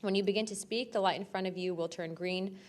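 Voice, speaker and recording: A woman's voice: medium pitch, steady tone. A woman chairing a hearing, giving businesslike procedural instructions to witnesses into a desk microphone. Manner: brisk, businesslike. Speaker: committee chair. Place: congressional hearing room.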